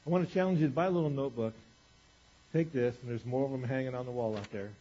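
A man's voice: mid-range voice, fast, warm tone, husky, muffled recording. A man preaching a sermon to a congregation in a church, talking in a conversational way with lots of "you know" asides, asking the room questions and teasing them. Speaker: pastor.

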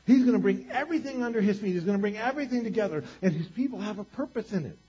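A man preaching a sermon, retelling a scripture story in casual everyday paraphrase, swinging between loud emphasis and quiet asides. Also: high-pitched, expressive, rapid-fire, slightly rough, lo-fi sound. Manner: conversational, retells scripture in casual paraphrase, varies loudness widely. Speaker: pastor.

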